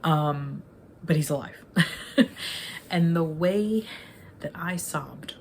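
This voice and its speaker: A woman in her forties talks through a film review in an unscripted, meandering way, often stopping to rephrase herself. Her voice sits low for a woman. She speaks frankly about her feelings. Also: very slow, a little hiss or hum. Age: 40s. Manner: rambling and self-correcting, openly emotional. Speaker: online movie reviewer. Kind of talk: casual spoken film review.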